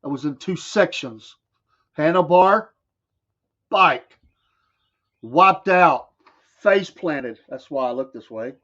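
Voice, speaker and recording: A Southern American man hosts a casual morning show, reading chat comments and telling folksy stories with frequent laughs. His voice sits a little high for a man. The audio is dull and lo-fi. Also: expressive, slow, long pauses, fairly bright tone. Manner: folksy storytelling, laughs often. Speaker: radio show host.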